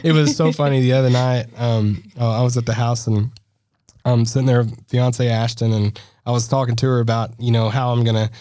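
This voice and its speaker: A man's voice: mid-range voice, fairly even intonation, fairly quick, mellow, dry recording. A man co-hosting a casual podcast chat, talking loosely with lots of fillers, restarts and easy laughs. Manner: chatty, laughs often, many fillers and restarts. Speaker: podcast co-host. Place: podcast studio.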